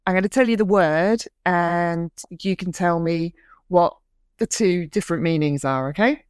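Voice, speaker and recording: A woman leads a relaxed conversation and quizzes her guest in a teasing way, with plenty of "um"s along the way. Her voice is dry and close, with no room echo. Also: fairly low pitch, normal speed, smooth. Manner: playful quizzing, hesitant fillers. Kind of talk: casual chat.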